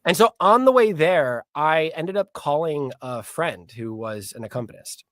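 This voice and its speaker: Man in an interview, lively storytelling voice, pitched a bit high, close and dry. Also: normal speed, dry recording. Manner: animated, acts out quoted dialogue. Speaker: guest, pianist and actor.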